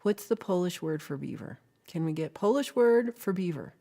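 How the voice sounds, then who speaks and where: A woman with a low, mellow voice hosts a casual livestream chat. She is playful and giggly and slips into whispers as she talks straight to her viewers. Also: expressive, normal speed. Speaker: livestream host.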